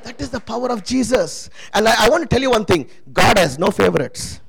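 A man's voice: sits high, lively intonation, a little fast, creaky, a bit bright, low-quality recording. A man preaching a sermon testimony, emphatic and calling out to the congregation for responses.

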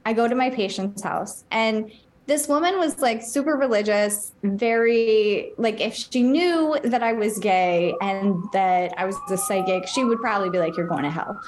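A woman's voice: mid-range voice, moderate pace, slight background noise. A woman co-hosting a podcast, telling personal stories in casual chat, laughing and swearing easily. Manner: chatty, laughing storyteller who swears casually. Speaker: podcast co-host.

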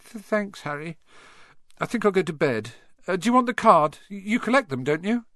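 A man's voice: sits high, big pitch swings, normal speed, pushed and bright, no room sound, studio quality, voice pushed up, heavily acted. A man voicing a timid, anxious young boy wizard who stammers and talks shakily. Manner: stammering, shaky.

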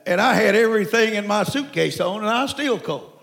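Gravelly old preacher man from Mexico. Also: high voice, fairly quick. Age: 70s. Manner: folksy, animated storytelling with bursts of shouting. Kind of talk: sermon.

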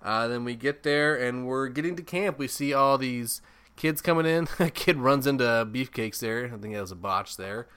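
A man's voice: medium pitch, normal speed, fairly bright tone, smooth. A man hosting a casual movie review, rambling, swearing a lot and laughing often. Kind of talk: casual chat.

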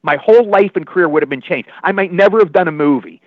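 An older man from Maryland spins rambling, digressive stories as an interview guest. His voice sits high and rushes along at a quick pace. The sound is dry and slightly muffled. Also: dry recording. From Maryland, USA. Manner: animated, rambling, digressive, repeats himself. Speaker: guest actor. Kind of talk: anecdotal storytelling. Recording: dull lo-fi sound.

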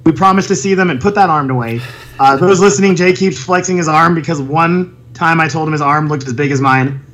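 A man co-hosting a casual podcast, talking in a fairly high voice. He is animated and laughs often, and now and then he drops into silly impressions. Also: a little fast. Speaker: podcast co-host. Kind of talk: casual chat.

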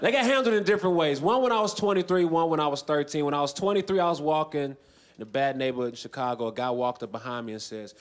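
A man in his twenties doing a stand-up comedy set on a festival stage, dry and deadpan, breaking into loud shouted voices. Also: on the high side, fast talker, a little hiss or hum. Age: 20s. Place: large festival stage with a laughing audience.

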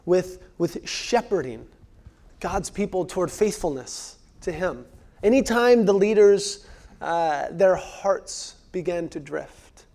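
An earnest man in his thirties preaches a sermon at a slow, deliberate pace. His voice sits high for a man, and he hammers home key phrases by repeating them. At times he sinks to a hushed near-whisper to drive a point home. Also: animated, creaky. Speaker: pastor.

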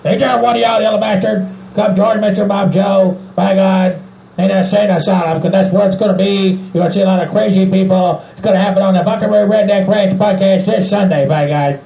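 A man's voice: high-pitched, fairly even intonation, a little fast, gravelly, dark tone. A man voicing a cranky, foul-mouthed hillbilly man who rants and swears. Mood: furious. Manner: ranting, swearing, says "by God". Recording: echoey muffled room, faint noise.

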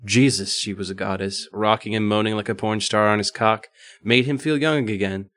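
A man's voice: lowish voice, steady tone, moderate pace, a bit bright, no echo, studio quality. A male podcast host reading a story aloud casually, stumbling and correcting himself now and then. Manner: reads with frequent stumbles and asides.

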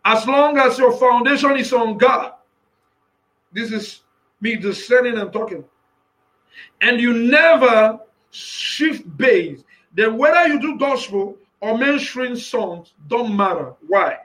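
A man preaches with fervor in a very high, bright voice. He speaks slowly and deliberately, repeating phrases and rising into emphatic shouts. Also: expressive, rough recording. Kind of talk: impassioned sermon.

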